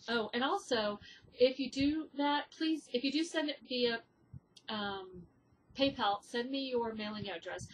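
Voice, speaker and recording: A woman's voice: medium pitch, rough recording. A woman podcaster in casual chat, with a mid-range voice. She talks in a chatty way with many ums and uhs, and sounds teary and grieving. Faint noise sits behind her. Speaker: podcast host.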